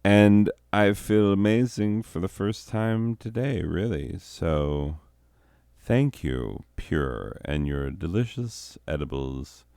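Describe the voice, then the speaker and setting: A man high on edibles, rambling through a profane, giggly comedic monologue as host. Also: animated, slow, vocal fry, darkish tone, clear, resonant tone, no room sound, clean studio sound.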